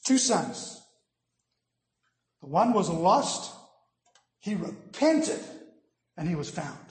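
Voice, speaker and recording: A male pastor preaching a sermon, swelling loud on key lines and dropping to hushed, near-whispered endings. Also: high-pitched, big pitch swings, drawn-out words, reverberant.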